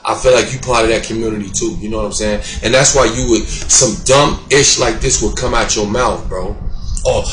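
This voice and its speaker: A man's voice: lowish voice, steady tone, fairly quick, hardly any pauses, a bit bright, echoey room, soft background music, low-quality recording. A man giving a heated, slangy political commentary rant to his viewers, repeating himself as he works up steam. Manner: slangy, fired-up and repetitive, addressing viewers directly.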